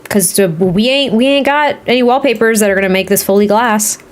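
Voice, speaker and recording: A woman with a Boston accent chatting frankly and thinking out loud while building a house in a life-sim game. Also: on the high side, fairly quick. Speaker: Sims builder streamer. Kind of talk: casual gaming commentary while building.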